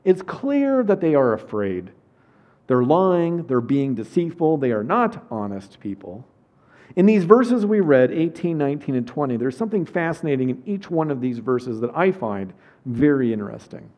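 A man's voice: medium pitch, very animated, normal speed. A man preaching a conversational sermon as pastor, reading scripture verses aloud and then explaining them plainly. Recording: dull lo-fi recording.

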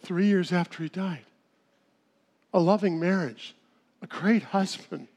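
A middle-aged man with a notably high voice for a man gives a sermon-style talk. He tells homespun stories, often chuckling at his own jokes. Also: measured pace, pauses often, a little mellow. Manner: folksy storytelling with chuckles. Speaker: speaker at a church seminar.

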